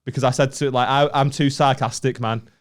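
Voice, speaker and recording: A man's voice: medium pitch, fairly even intonation, a little fast. A young man with a Northern English accent tells a story on a comedy podcast. He talks casually, swears freely and leans on sarcasm. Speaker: podcast co-host.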